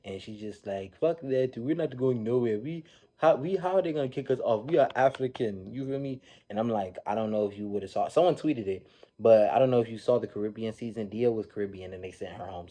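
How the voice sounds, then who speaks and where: A man casually recapping a reality show episode, telling it in an animated, slangy way and acting out the people he quotes. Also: fairly low pitch.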